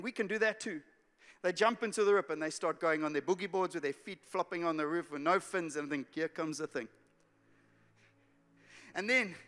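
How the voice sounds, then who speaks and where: A man from South Africa preaching a sermon as a pastor, moving from hushed pleas to loud urgent calls. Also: very high voice. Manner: emotional, swings from hushed to shouting. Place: church hall. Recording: church hall reverb with soft music.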